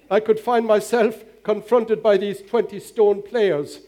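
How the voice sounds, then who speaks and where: An older male pastor delivers a sermon in a high voice. He is earnest and exhorting, leaning on rhetorical questions. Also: little pitch movement, measured pace, dark tone.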